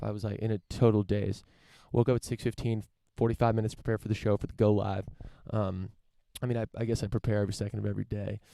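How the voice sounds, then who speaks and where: On the low side, creaky and warm, the voice belongs to a young man hosting his own podcast at his parents' home. It's a casual solo monologue, loose and profane with frequent fillers and restarts, captured by a live-stream camera setup with no room sound.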